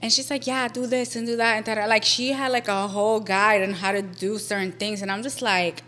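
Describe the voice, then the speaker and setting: A young woman, a podcast guest, telling a story in a lively way, swearing often and switching into Spanish. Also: medium pitch, brisk. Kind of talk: casual storytelling.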